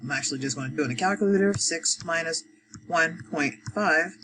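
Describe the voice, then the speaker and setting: A woman's voice: sits low, fairly quick, noisy background. Woman teaching math step by step. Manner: talks through each step, counts aloud, frequent fillers. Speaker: adult education math teacher.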